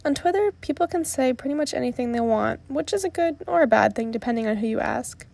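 A woman's voice: high voice, lively intonation, quick pace, creaky, a little mellow. A young woman from Oklahoma hosting a podcast, commenting in an earnest, mildly indignant way on clips and tweets she plays and reads. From Tulsa, Oklahoma, US. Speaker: podcast host.

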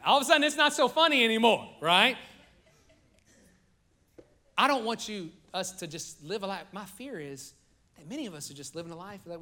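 A man in his forties preaches to his congregation in a bright, forceful voice. His delivery is animated and full of stories and jokes. He speaks a little higher than most men. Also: normal speed. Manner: animated storytelling, joking with the congregation. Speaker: pastor. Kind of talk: sermon. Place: church sanctuary.

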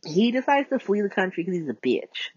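A woman hosting a casual solo podcast, recapping with chatty, profane asides and big swings in pitch, recorded as phone voice notes. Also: very animated, a little fast, darkish tone, husky, dry recording. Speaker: podcast host. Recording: dull lo-fi voice note.

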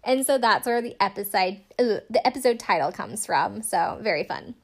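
A woman's voice: medium pitch, animated, normal speed. Chatty sarcastic young woman recapping. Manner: chatty, sarcastic, lots of "like" and laughs. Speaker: podcast host recapping a TV show. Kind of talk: casual recap chat.

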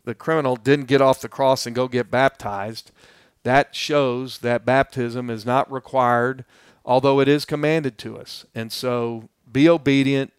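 A man's voice: medium pitch, fairly even intonation, measured pace, clean tone, no echo, studio quality. A male pastor giving a verse-by-verse Bible teaching, speaking earnestly and plainly to his listeners. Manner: earnest, addresses listeners directly; plainspoken and explanatory.

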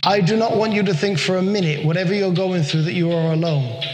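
A man preaching a sermon in an earnest way, slowing down to stress his points. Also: sits high, background noise. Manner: earnest, slows down for emphasis. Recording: echoey hall with long reverb.

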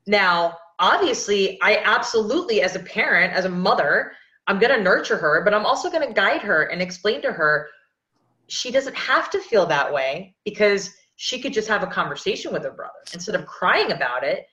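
A woman's voice: mid-range voice, very animated, normal speed, bright, forceful tone. A woman in her thirties hosting a podcast, talking earnestly in a rambling way with many restarts. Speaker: podcast host. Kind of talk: casual podcast conversation. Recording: echoey, dull lo-fi sound.

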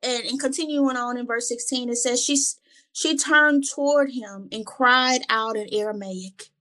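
Her voice is on the high side and sharp in tone, and she talks a little slowly. She co-hosts a Bible study, reading verses and reflecting earnestly in conversation, often repeating words as her thoughts come together.

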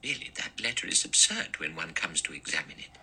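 Prim old lady in an audiobook, dry brisk clipped talk, husky bright voice, man voicing her. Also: a bass voice, big pitch swings, full character voice, poor audio. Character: stern prim elderly spinster, dry and self-righteous. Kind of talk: audiobook character voice.

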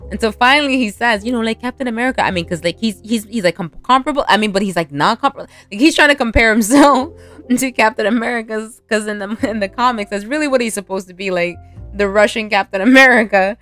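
A woman's voice: a little high, fast, fairly bright tone, dry recording, faint music behind. A woman casually recapping a film, rambling with many fillers and frequent laughter. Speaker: movie recap vlogger.

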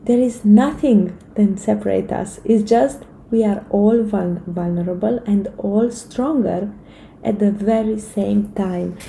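A woman's voice: mid-range voice, a little slow, creaky, warm tone, a little hiss or hum, rough recording. A woman in her thirties giving an earnest, encouraging motivational talk to camera, with frequent fillers and restarts. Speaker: vlogger giving life advice.

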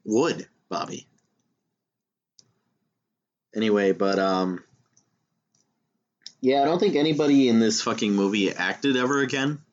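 A man's voice: on the low side, moderate pace, pauses often, dull audio. A man co-hosting a casual podcast, joking and swearing as he talks about a film. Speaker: podcast co-host.

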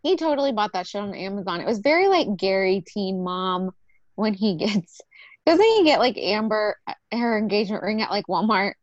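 Lively, high-voiced woman in dry sound. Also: normal speed, no room sound, highs cut off. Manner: chatty, lots of fillers, laughs along. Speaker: podcast co-host. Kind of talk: casual chat.

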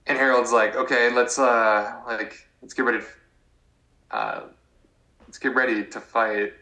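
A man's voice: medium pitch, expressive, measured pace, vocal fry, pushed and bright. A young man co-hosting a podcast, chatting casually and acting out characters' lines with lots of filler words. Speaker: podcast co-host. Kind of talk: casual recap chat. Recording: echoey room.

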